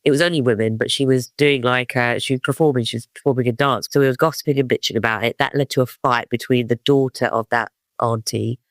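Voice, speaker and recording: Gravelly London man telling stories. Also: mid-range voice, steady tone, quick pace, hardly any pauses, no room sound. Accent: London English. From East London, England. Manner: rambling, many fillers and restarts. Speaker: guest. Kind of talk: casual storytelling interview.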